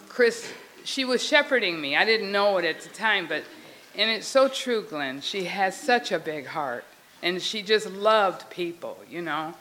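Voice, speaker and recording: A woman sharing a memory at a memorial, telling her story with animated, laughing dialogue. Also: on the low side, slight background noise, low-quality recording. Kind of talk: storytelling testimony.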